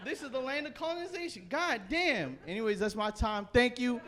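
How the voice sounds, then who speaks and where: A young Canadian man performing a stand-up set, telling a loose, profane story with animated bursts. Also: very high voice, fairly quick, background noise. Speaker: stand-up comedian. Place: comedy stage before a live audience.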